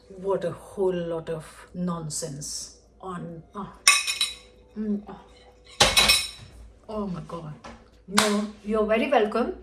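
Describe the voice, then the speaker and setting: Chatty woman cooking in an echoey kitchen. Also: medium pitch. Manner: frank and chatty, with exclamations. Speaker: cooking vlogger. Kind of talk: chatty cooking vlog, talking while cooking. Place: home kitchen. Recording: roomy kitchen echo.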